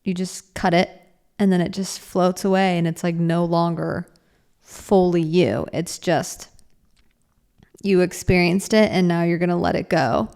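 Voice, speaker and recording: A woman's voice: fairly low pitch, unhurried, gravelly, a little mellow, clean tone. Earnest young woman musing on a podcast. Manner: rambling, frequent "like" fillers, earnest. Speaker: podcast host. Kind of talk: casual reflective solo podcast.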